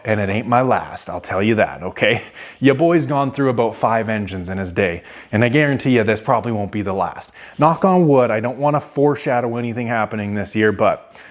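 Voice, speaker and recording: A brash young man hosting a car vlog, talking casually with slang and swearing, sometimes mocking commenters in a raised whiny voice. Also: medium pitch. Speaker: car channel host. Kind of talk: casual garage vlog talk.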